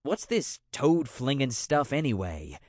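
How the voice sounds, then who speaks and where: A curious, sharp-tongued woman, as a male narrator puts her on speaks in a slightly lifted, pointed voice with lively swings in pitch. The audiobook recording is dry and close. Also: measured pace, no echo.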